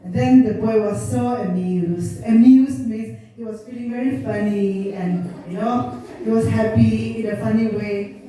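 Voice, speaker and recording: Woman teacher, storytelling lesson, unhurried, defines words, echoey classroom. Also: a little high, fairly even intonation, dark tone, distant mic. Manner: slow and explanatory, defining words. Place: school classroom.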